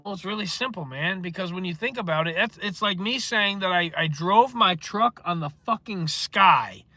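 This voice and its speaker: A man's voice: high-pitched, moderate pace, pushed and bright, no echo. A man hosting a casual livestream, rambling and swearing as he answers chat comments. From northeastern United States. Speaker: livestream host.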